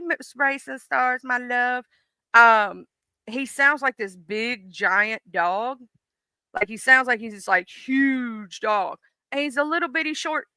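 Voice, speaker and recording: A woman's voice: medium pitch, pushed and bright, clear, resonant tone, dry recording, studio quality. A woman, rambling chattily on a live stream and greeting viewers by name. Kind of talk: casual live-stream chat.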